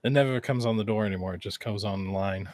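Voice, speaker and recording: A man hosting a casual podcast interview, chiming in with quick jokes and interjections. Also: lowish voice, a little mellow, dry recording. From United States. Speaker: podcast host.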